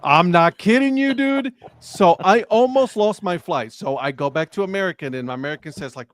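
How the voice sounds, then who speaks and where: A man on a casual sports talk stream, telling an animated story and acting out the dialogue. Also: a little high, brisk, hardly any pauses, no room sound, clean studio sound. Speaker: co-host. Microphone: live stream remote mic.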